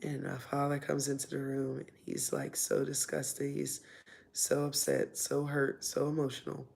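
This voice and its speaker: A woman tells a personal story in a casual, rambling way, full of fillers and re-enacted dialogue. Her voice has a gravelly, fry-edged texture. She keeps an even, flat pitch throughout. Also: a little slow. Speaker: vlogger telling her life story.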